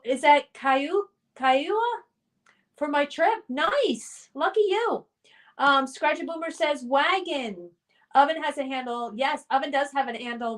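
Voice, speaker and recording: High-voiced woman hosting a live stream, slow-paced. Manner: reads viewer comments aloud, chatty and upbeat. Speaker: livestream host. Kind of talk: casual chat reading live comments.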